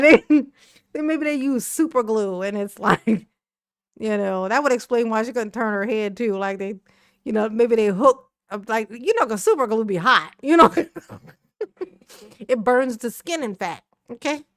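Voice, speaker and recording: Sassy woman reacting to clips, high voice, profane, laughs a lot. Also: no room sound, studio quality. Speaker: reaction channel host. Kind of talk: casual commentary on a clip.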